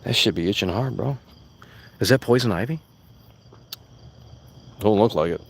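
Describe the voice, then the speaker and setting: Outdoors among plants, with crickets and insects faintly audible, a man vlogs in a lowish, breathy voice at normal speed. His rant is casual and meandering, blunt and full of profanity, and he keeps repeating himself.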